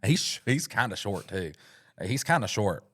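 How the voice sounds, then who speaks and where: Profane storytelling man, low voice. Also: unhurried, husky. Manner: profane, rambling, animated. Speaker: podcast co-host. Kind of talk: comedic storytelling.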